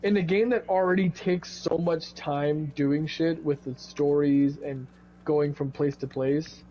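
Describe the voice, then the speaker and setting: A young man chatting casually while playing a game, animated and swearing freely, jumping into high mock outbursts when he quotes himself. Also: a little slow, muffled recording, slight background noise. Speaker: co-host of a gaming video. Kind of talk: casual gaming chat.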